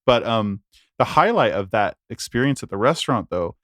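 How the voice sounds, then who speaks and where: A man's voice: mid-range voice, lively intonation, normal speed, fairly bright tone, dry recording, studio quality. A young man co-hosting a podcast, telling stories in a rambling, laughing, casual chat. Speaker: podcast co-host.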